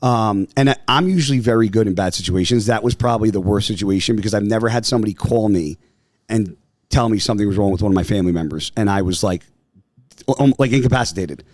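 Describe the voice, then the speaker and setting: A man's voice: on the low side, quick pace, no room sound, clean studio sound. A man telling a story in casual podcast chat, swearing freely and acting out what people said. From New Jersey, US. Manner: animated, profane, acts out voices in quotes. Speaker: podcast guest. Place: podcast studio.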